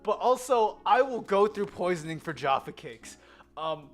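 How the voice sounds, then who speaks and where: An American woman telling a story in a casual vlog, animated and giggly. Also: mid-range voice, unhurried. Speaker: vlogger. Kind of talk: casual chatty vlog with slides.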